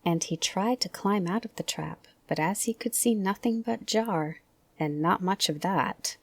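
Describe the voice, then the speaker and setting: A woman reading a children's storybook aloud in a gentle, soft bedtime voice, often close to a whisper. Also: mid-range voice, a little slow, no echo. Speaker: audiobook reader.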